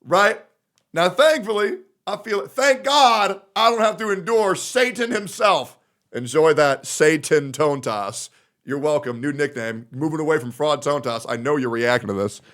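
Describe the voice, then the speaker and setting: Guy streamer ranting, high voice that swings all over, blunt and sweary. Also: expressive, normal speed, fairly bright tone. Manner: blunt, profane, sarcastic. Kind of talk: livestream reaction rant.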